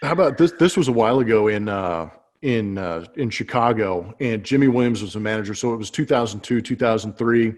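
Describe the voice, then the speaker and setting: A former ball player co-hosting a casual chat show over a webcam call, telling stories in an animated way with frequent laughs. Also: male voice, on the low side, brisk, few pauses. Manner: animated storyteller who laughs as he talks. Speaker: podcast co-host, former baseball player. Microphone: webcam setup.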